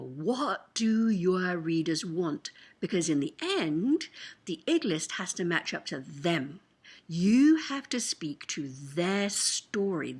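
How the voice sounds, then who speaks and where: A woman's voice: on the low side, husky. A tired woman giving a candid, emotional writing lesson in a chatty, casual way. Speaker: writing coach. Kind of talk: casual teaching monologue to camera.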